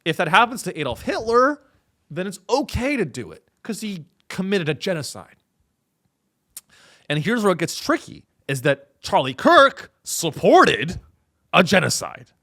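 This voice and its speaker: Sarcastic man with a lively, bright voice. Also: high voice, unhurried. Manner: sarcastic, mocking, swings between deadpan and exasperated. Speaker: comedian podcast host. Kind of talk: sarcastic comedic monologue.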